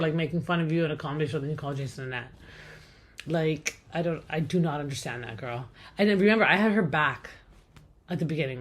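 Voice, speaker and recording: A woman hosting a podcast, recapping reality TV in a chatty, blunt way with many fillers and some swearing. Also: low voice. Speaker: podcast host.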